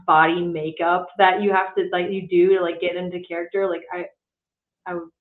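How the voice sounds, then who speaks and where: A woman's voice: fairly low pitch, little pitch movement, brisk. A woman who is a guest musician, chatting casually and hesitantly with many fillers. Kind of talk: casual chat. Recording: tinny phone-like line in a roomy space.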